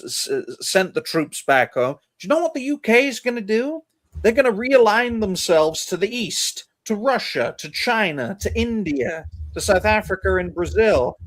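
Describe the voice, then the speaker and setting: Animated male podcast host. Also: on the high side. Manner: animated, addresses listeners as folks. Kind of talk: casual panel chat.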